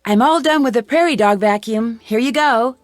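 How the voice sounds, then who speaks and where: A woman's voice: fairly high pitch, moderate pace, over music, lightly acted. An actress voicing a polite, determined young woman detective in a video game, speaking in an earnest, matter-of-fact way.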